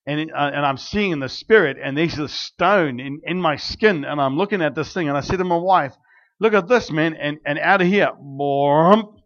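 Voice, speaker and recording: A man preaching, first praying aloud and then telling stories in an animated way, with many fillers and restarts. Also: a little high, brisk, hardly any pauses. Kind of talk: prayer and sermon storytelling. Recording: dull lo-fi recording.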